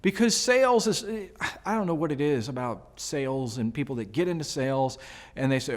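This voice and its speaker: A man giving casual sales advice, chatty and animated, with jokes and asides to the viewer. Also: medium pitch, brisk. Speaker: sales coach. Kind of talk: casual advice talk to camera.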